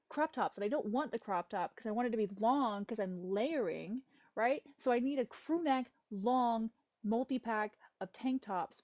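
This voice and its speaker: A woman's voice: medium pitch, a little mellow, highs cut off. Chatty woman streamer ranting casually. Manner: chatty, rambling, exasperated rants. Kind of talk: casual livestream chat.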